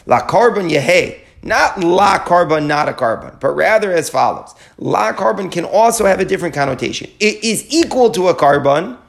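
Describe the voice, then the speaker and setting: A man's voice: high-pitched, expressive, moderate pace, gravelly, few pauses. A man teaching a Talmud study class, walking through the argument step by step, quoting short phrases and translating them, often repeating key words as he goes. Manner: quotes short Aramaic phrases, then translates.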